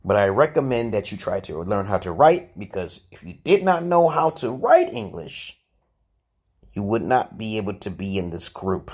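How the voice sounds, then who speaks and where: A man with a husky voice holds forth on a home live stream, rambling and sure of himself. His pitch swoops widely as he lectures viewers. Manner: rambling, self-assured lecturing. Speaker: livestream host. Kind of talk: casual live-stream talk.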